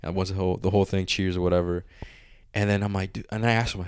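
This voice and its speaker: A man's voice: sits low, fast talker, clean tone. A man in his twenties co-hosting a podcast, telling a story in casual chat, swearing and acting out the dialogue. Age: 20s. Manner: animated, swears freely, acts out dialogue. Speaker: podcast co-host.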